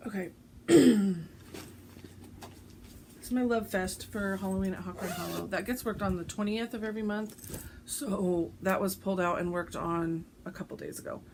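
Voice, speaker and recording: Woman, casual at-home vlogger, rambling chat, gravelly and a touch hoarse. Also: mid-range voice, moderate pace, darkish tone, slight background noise. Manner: chatty, rambling, with frequent ums. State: voice going hoarse. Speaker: cross-stitch vlogger. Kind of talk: casual show-and-tell chat.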